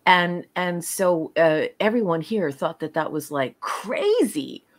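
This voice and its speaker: Woman guest, lower voice, talks things through with lots of ums. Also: measured pace. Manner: rambling, many ums and uhs, explanatory. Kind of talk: casual chat.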